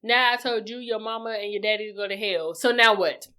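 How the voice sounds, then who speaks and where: A woman's voice: medium pitch, fairly quick, pushed and bright, smooth. A woman co-hosting a podcast in casual chat, blunt and profane as she gives advice. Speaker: podcast co-host.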